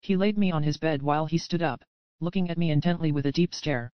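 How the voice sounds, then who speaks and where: A woman narrating a dark romance audiobook in the first person with a steady, even reading. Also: sits low, fast, smooth, no room sound, muffled recording.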